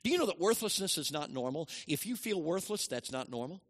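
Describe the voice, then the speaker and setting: A middle-aged man preaching a sermon, swinging between loud emphatic lines and hushed, quieter asides. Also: a little high, very animated, fairly quick.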